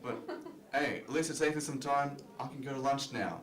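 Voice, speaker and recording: Performing comedy in a club, a man talks at an ordinary pace with a mid-range voice. His delivery is casual and self-mocking, peppered with "you know," and the audio carries the room's open, echoey feel.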